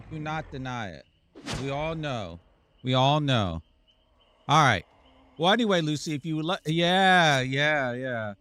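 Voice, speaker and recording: Male streamer, bright lively voice, slow unhurried teasing banter with chat. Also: on the high side. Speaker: live-stream gamer host. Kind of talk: casual live-stream chat to viewers.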